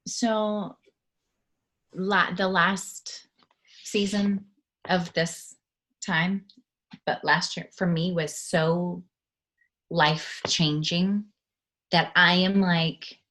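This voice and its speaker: Woman guest, casual interview talk, excitable and animated, laughs a lot. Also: fairly low pitch, a little slow, pauses often.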